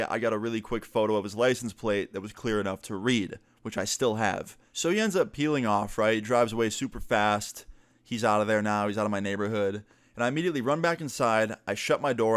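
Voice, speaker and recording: A man and gaming YouTuber telling a storytime vlog in an animated way, swearing casually. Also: mid-range voice, no room sound.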